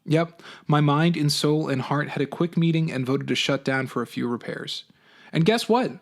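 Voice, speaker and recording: A man, a teacher, reading a novel aloud for his class, with an expressive, animated first-person delivery. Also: on the high side, moderate pace, creaky.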